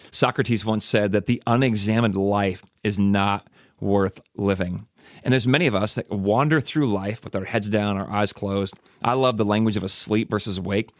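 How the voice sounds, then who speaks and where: A man's voice: on the low side, no room sound, studio quality. A man hosting a reflective podcast, telling a story casually with lots of "like" and "you know". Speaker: podcast host.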